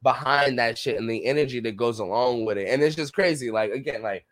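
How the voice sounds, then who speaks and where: A young man talks in a relaxed, slangy way, filling gaps with easy asides. His tone is casual and conversational throughout. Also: mid-range voice, a little fast. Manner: laid-back, slangy. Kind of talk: casual chat.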